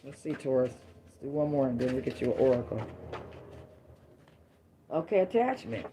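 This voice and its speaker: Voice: medium pitch, very animated, normal speed, mellow, a little hiss or hum. A middle-aged tarot reader giving a casual, emphatic reading to viewers, full of rhyming catchphrases.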